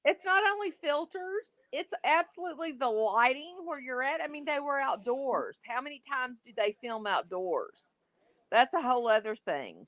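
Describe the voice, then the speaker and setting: Lively Texan woman on a call. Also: fairly high pitch, no room sound. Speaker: panelist. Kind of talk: casual chat. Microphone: video call.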